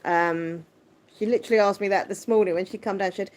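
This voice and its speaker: A woman hosting a casual livestream, chatting and answering viewer comments. Her voice is squeaky yet deep, and her manner is chatty and quick to laugh. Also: fairly even intonation, darkish tone. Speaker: livestream host. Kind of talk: casual live chat, reading viewer comments.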